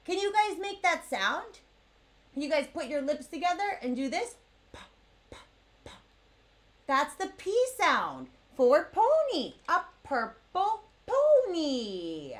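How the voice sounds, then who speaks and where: A young woman with a high, bouncy voice leads toddlers through toy play. She talks in an exaggerated sing-song, drawing every word out slowly and swooping up and down in pitch. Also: sing-song. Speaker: children's educator.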